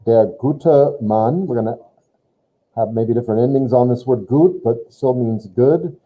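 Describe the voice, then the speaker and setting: A man's voice: medium pitch, normal speed. A man teaching a German lesson, patiently explaining grammar step by step and prompting a student. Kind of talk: online language lesson. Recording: tinny phone-like line.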